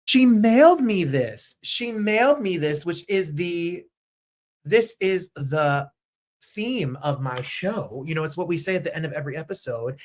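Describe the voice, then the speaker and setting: A man hosting a show in casual chat, excitable and chatty, jumping from topic to topic. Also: fairly high pitch, measured pace. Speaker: host. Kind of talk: casual live-stream chat.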